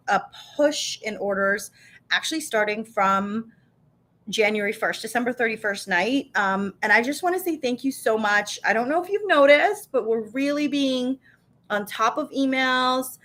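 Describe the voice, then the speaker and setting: A woman's voice: on the high side, a bit bright. A woman hosting a casual live stream from her home kitchen. She talks in a chatty, upbeat way, with many fillers and restarts. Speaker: co-founder and live show host.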